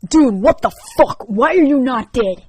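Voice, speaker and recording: Woman playing a brash teen boy, crude and excited, high and loud, whispering-close dry sound, audiobook. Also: quick pace, dry recording. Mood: worked up. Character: brash teenage boy prankster.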